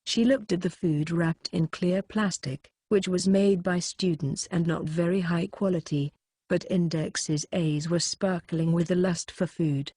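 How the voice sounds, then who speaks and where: A woman reading a light novel audiobook aloud in a steady, even narration. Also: on the low side, a little slow, no room sound, clean studio sound. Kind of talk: scripted narration.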